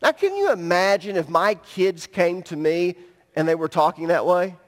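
High-voiced pastor in an echoing church. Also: male voice, lively intonation, normal speed. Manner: emphatic, direct, with rising bursts of emphasis. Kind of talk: sermon. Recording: long reverb in a church hall.

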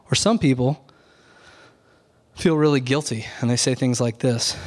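Man preaching a slow, earnest sermon. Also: mid-range voice. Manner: earnest, measured preaching with slow deliberate emphasis. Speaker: pastor.

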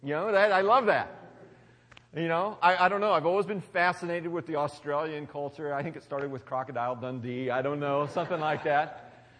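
Man preaching a lively sermon in a hall. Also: on the high side, fairly quick. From United States. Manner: conversational preaching with swings from loud emphasis to quiet hushed lines. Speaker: pastor.

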